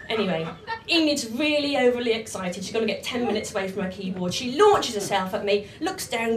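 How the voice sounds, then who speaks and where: Expressive and a little fast, this woman's voice sits on the high side as she mixes stand-up comedy and performance poetry. Her delivery is brash, bawdy and punchy, captured from far off in an echoey comedy club with slight background noise.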